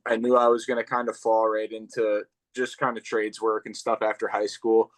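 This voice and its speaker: A man's voice: on the low side, completely flat delivery, brisk. A young man, a pro fighter, talking casually as an interview guest in a laid-back, rambling way with lots of fillers. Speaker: professional MMA fighter, guest.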